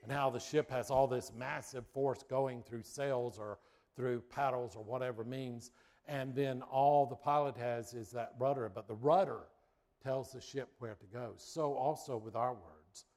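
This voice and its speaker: Middle-aged man, pastor, animated storyteller who moves from a comic anecdote into a sermon point. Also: mid-range voice, measured pace. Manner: lively storyteller, builds suspense then makes a point.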